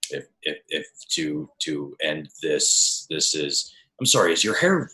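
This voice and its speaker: A man's voice: a bass voice, lively intonation, measured pace, pushed and bright. A man playing a tabletop game, speaking hesitantly and fumbling over his words. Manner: hesitant, fumbling, laughing often. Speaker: player. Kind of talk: tabletop game role-play.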